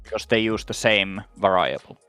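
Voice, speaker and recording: A man in casual stream chat who explains things in a patient, measured way. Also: lowish voice, fairly bright tone, smooth, no echo, faint music behind.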